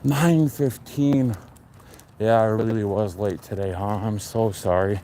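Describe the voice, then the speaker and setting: A man in his forties on a casual live stream, chatting in a relaxed, rambling and enthusiastic way. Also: lowish voice, measured pace. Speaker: livestream host. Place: outdoors on a neighborhood street. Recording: faint outdoor street noise.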